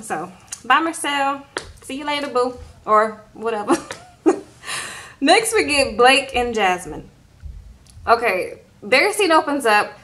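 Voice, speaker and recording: Bright-voiced chatty woman recapping. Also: on the high side. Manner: chatty, animated retelling with quoted voices and laughs. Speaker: reality show recap vlogger. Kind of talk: casual recap vlog.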